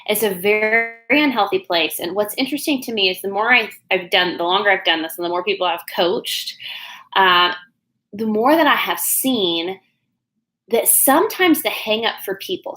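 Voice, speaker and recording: Oklahoma-accented woman coach, bubbly livestream chatter, crisp bright tone, mid-pitched voice. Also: low-quality recording. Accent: Oklahoma Southern. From Oklahoma, USA. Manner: chatty, bubbly, rambling with many fillers. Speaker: business coach. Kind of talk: casual livestream talk. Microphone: no external mic plugged in.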